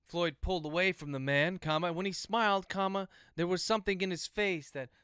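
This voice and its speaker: Smooth-voiced man dictating a novel. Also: high-pitched, a little fast, no room sound, clean studio sound. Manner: steady, methodical dictation. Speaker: author. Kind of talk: dictating a novel aloud with spoken punctuation. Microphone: close livestream microphone.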